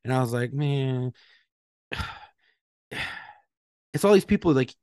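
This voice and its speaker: A man's voice: medium pitch, expressive, takes it slowly, pauses often, mellow, clean tone, no echo, clean studio sound. A man co-hosting a podcast, telling stories in a laid-back, profane way. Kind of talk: casual storytelling.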